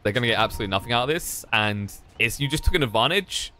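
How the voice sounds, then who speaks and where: Fast, bright British esports caster. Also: male voice, a little hiss or hum. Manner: excitable, climbs high during fights. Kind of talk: play-by-play commentary.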